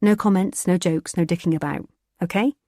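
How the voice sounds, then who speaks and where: A woman's voice: lowish voice, normal speed, mellow, no room sound, studio quality, lightly acted. A woman narrator voicing a tired, anxious young woman with a weary, pleading tone.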